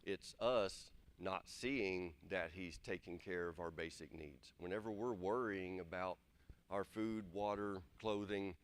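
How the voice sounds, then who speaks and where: Earnest low-voiced preacher. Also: male voice, steady tone, measured pace, clean tone. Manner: earnest, plain-spoken, repeats his points. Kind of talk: conversational sermon.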